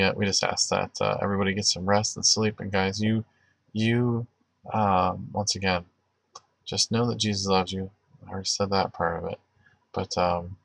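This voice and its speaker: Male livestream host, low gravelly voice, loose rambling delivery full of restarts. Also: fairly bright tone, dry recording. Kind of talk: casual livestream chat with prayer.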